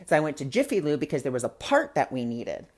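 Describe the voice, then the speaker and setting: Woman spiritual host with a low voice, casual chatty storyteller. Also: big pitch swings, quick pace, a little mellow, husky. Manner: chatty, many fillers, acts out quotes. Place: live online broadcast.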